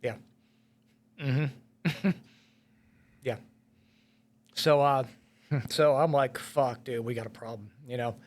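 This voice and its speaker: A man's voice: mid-range voice, takes it slowly, long pauses. Profane middle-aged man telling a raw story. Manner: blunt and profane, heavy swearing and filler words. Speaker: podcast guest, firefighter and police officer. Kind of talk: raw storytelling in a podcast interview.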